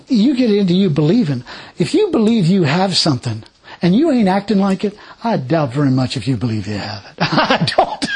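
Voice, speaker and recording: Husky, lively-voiced male preacher. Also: high-pitched. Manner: emphatic, repetitive preaching with exclamations of praise; laughs between points. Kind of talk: sermon.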